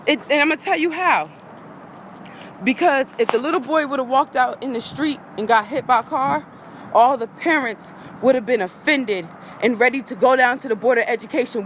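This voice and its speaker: A woman's voice: high voice, normal speed, a little hiss or hum, rough recording. A woman, a vlogger in an angry rant to her viewers, heated, profane and repeating herself.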